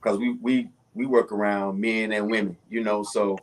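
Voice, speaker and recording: A man who is a guest on a casual chat, speaking in a reflective, halting way. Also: on the low side, little pitch movement.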